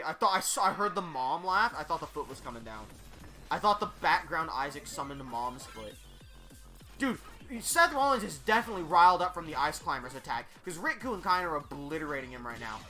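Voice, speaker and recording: A commentator giving casual, excited play-by-play of computer fighting matches. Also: mid-range voice, brisk, faint music behind.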